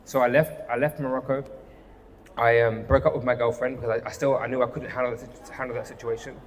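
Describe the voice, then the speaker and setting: A man's voice: medium pitch, level tone, quick pace. A man, a men's coach, telling a personal story on stage in an earnest, confessional way, often restarting his sentences. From London, England. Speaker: men's coach and motivational speaker. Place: live event venue. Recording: hall reverb, faint background noise.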